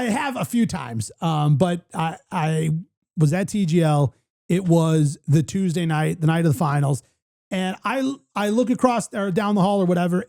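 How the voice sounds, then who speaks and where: A man hosting a casual chat show, telling stories excitedly with many fillers and restarts. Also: high-pitched. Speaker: podcast host.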